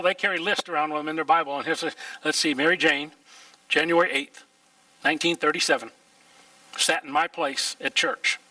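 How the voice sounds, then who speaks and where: A man's voice: on the high side, pushed and bright, no echo, far from the mic, poor audio. An older male pastor, preaching a folksy sermon in church and throwing out rhetorical questions. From Oklahoma, USA. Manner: folksy, plain-spoken, full of rhetorical questions. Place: church sanctuary.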